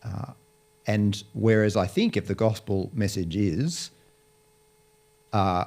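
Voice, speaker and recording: A man's voice: on the low side, moderate pace, a little mellow. A man speaking as an interview guest, explaining his views in a thoughtful way with frequent restarts. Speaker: Bible college lecturer, guest. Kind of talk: conversational interview.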